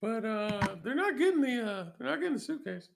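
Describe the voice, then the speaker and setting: High-pitched gravelly slow-talking man. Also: big pitch swings, noisy background. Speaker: player. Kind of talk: casual tabletop play.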